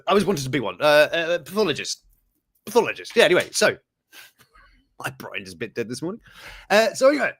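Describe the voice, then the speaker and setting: A man's voice: on the high side, fairly bright tone, no echo, clean studio sound. Rambling jokey man hosting. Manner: rambling and jokey, with many fillers and asides; cheeky and self-mocking. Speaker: host of a morning news chat stream. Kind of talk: casual live-stream news chat.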